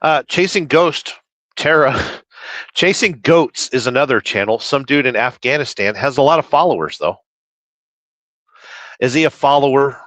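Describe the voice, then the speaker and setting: A man's voice: mid-range voice, expressive, normal speed, pauses often, fairly bright tone, no echo, poor audio. A man livestreaming while trucking, reading chat aloud and rambling through opinions in casual talk.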